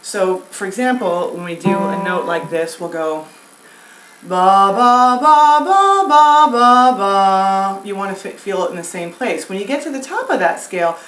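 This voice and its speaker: A woman vocal coach giving a singing lesson, explaining breath and throat exercises in a relaxed, chatty way and demonstrating sung scales. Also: fairly low pitch, brisk, hardly any pauses, recorded from a distance, soft background music. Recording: echoey room with faint noise.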